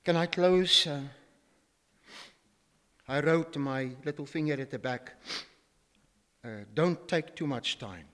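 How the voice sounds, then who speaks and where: An older male pastor delivers an emphatic sermon in a fairly high voice, pressing his listeners with rhetorical questions. His words ring out in a church hall with a long, lingering reverb. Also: slow, pauses often, a bit bright. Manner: emphatic, asks rhetorical questions, quotes scripture.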